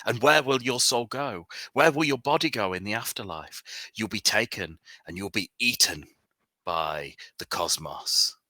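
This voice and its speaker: A man voicing a fanatical male death-cult preacher who speaks slowly and solemnly. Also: medium pitch, sharp tone, no echo, pitched above the performer's own voice. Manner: slow, solemn, intoning.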